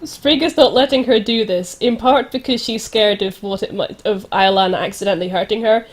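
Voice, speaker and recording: A woman narrating her part in a tabletop role-play with playful, giggly energy. Her voice sits at an ordinary middle pitch. She describes her character's actions with animated storytelling. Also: fairly quick.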